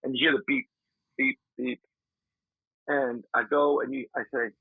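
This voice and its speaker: A man, a paranormal investigator, telling an animated story in a casual interview, acting out his friend's shouts. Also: mid-range voice, normal speed, gravelly, husky, no echo. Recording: dry tinny remote call audio.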